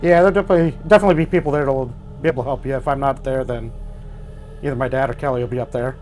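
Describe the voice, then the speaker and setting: A man playing a tabletop role-playing game, speaking in a halting way with many pauses. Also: mid-range voice, steady tone, a little mellow. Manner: hesitant, halting with many uhs. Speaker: player. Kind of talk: tabletop role-play, in character. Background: background music.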